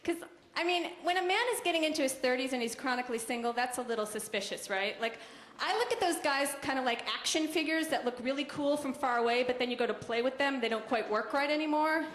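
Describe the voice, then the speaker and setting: A young woman doing a stand-up comedy set with a deadpan, conversational delivery and quick asides to the audience. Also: high-pitched. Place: comedy club stage. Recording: roomy club recording with noise. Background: audience laughter.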